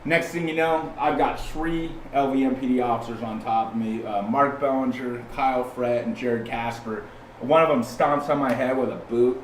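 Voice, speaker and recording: A man from California, a podcast guest, telling a story in a casual, animated way, often restarting and acting out the people he quotes. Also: mid-range voice, moderate pace, a little hiss or hum. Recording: roomy sound from a distant mic, faint ambience.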